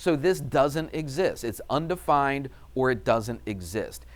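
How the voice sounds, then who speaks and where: A man's voice: mid-range voice, lively intonation, unhurried. Chatty male math teacher. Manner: chatty, storytelling, asks class questions. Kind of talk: classroom lecture with anecdote.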